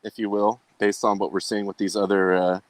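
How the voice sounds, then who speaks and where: A man's voice: fairly low pitch, flat delivery, brisk, dry recording. A man hosting a casual sports talk show, speaking in a rambling way with many fillers. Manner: rambling, filler-heavy delivery.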